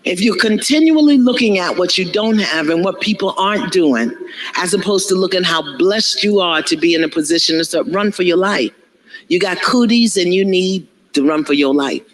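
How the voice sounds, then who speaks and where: A man giving an animated motivational sermon, calling out to the audience and acting out the voices of others. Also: high-pitched, rough recording. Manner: animated, call-and-response, acts out voices. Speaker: motivational speaker. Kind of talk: inspirational preaching.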